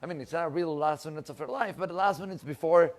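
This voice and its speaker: A rabbi telling a story, animated and acting out the people in it. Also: male voice, quick pace. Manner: animated storyteller, acts out quoted voices, rising pitch in emotional lines. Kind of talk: storytelling sermon. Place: synagogue.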